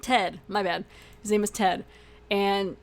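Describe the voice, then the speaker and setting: A young woman hosts a podcast and recaps a TV episode in a casual, animated way. She acts out the characters' lines and laughs along as she goes, in a middle-pitched voice. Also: slow pace, gravelly. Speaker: podcast host.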